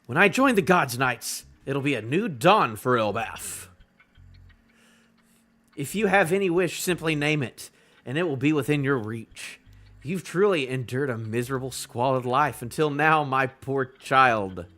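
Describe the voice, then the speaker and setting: A man's voice: medium pitch, lively intonation, unhurried, fairly bright tone, soft background music. A man reading out an old noble villain in a grand, patronizing voice during a live comic reading. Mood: condescending.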